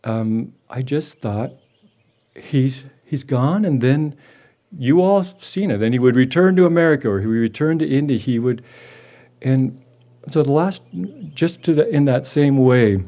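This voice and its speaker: An older man telling a personal memory at a memorial gathering, halting and gentle, with many restarts. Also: medium pitch, animated. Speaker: devotee sharing a memory. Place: gathering hall with a live audience.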